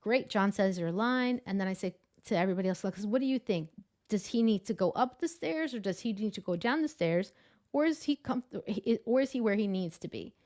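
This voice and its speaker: A woman, an adjunct professor of public speaking, explaining vocal tips on a video call in an enthusiastic, animated way. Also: medium pitch, fairly quick. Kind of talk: casual interview chat.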